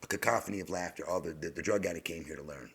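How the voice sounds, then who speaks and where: Middle-aged male storyteller, deep gravelly voice, rambling and halting, slips into whispers. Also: fairly bright tone. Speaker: podcast host. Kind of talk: personal storytelling monologue.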